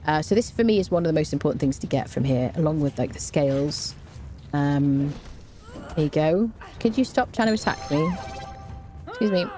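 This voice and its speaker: A woman's voice: sits low, animated, normal speed, warm tone, slight background noise. A woman streamer giving chatty, rambling live commentary while she plays a game, often saying "there you go.".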